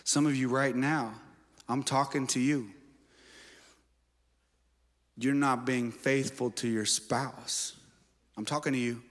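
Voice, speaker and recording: A male pastor preaching a sermon, moving between shouted exhortations and playful asides. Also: mid-range voice, steady tone, takes it slowly, pauses often, in a large hall. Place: church auditorium.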